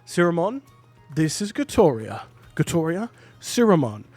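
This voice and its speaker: A man doing a gushing, high-voiced festival host. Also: sing-song, unhurried, darkish tone, soft background music. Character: effusive young male festival host, gushing.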